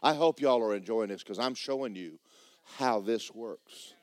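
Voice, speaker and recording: A man preaching a sermon, telling stories in an animated, repetitive way. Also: fairly low pitch, measured pace, dry recording.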